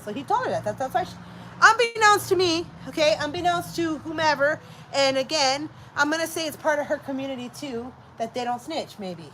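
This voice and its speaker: A woman's voice: high voice, brisk, background noise. A middle-aged woman hosting a casual chat, telling a story and acting out the voices of the people in it, with bits of Spanish mixed in. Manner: animated, acts out quoted voices, mixes in Spanish. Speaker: host.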